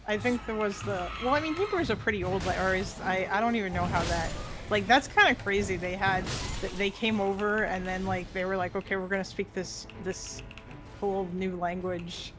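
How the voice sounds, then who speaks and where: A woman's voice: mid-range voice, moderate pace. Curious woman with music behind her. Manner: curious, full of fillers. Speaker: voice chat participant. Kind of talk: casual group chat.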